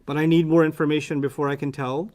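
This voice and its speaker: A man with an American accent teaching Arabic in a relaxed one-on-one class, joking and explaining with vivid everyday examples. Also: on the high side, fast talker.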